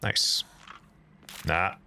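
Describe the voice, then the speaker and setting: Speaking very slowly over heavy background noise, a man live streams a game. He reads in-game documents out loud and rambles casually with his viewers as he plays.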